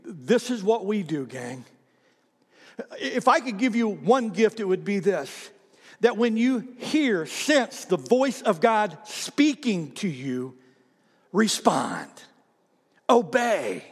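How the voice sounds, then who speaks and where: A man preaching a sermon as pastor, animated, repeating himself and calling on the congregation to read aloud. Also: sits high, takes it slowly, husky, in a large hall. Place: church sanctuary.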